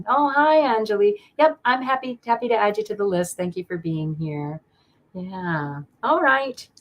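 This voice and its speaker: A woman giving live tarot readings to viewers, affectionate and rambling, often laughing and getting emotional. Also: on the low side. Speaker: tarot card reader. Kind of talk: live-stream card reading.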